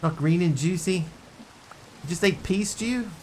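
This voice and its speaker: A man's voice: high-pitched, expressive, unhurried, darkish tone, a little hiss or hum. A man streaming a game, chatting and joking with his chat as he plays. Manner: chatty, jokey, talks to chat while playing. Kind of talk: casual gameplay commentary.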